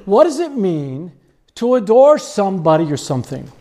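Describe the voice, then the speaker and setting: Animated preacher, a man with a lively voice. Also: high voice, moderate pace. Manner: animated storytelling, chuckling often. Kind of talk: sermon.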